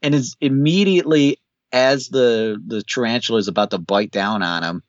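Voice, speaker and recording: A man's voice: medium pitch, normal speed, no echo. A man co-hosting a casual chat, speaking in an easygoing, thoughtful way. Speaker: podcast co-host. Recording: dull, dry lo-fi mic.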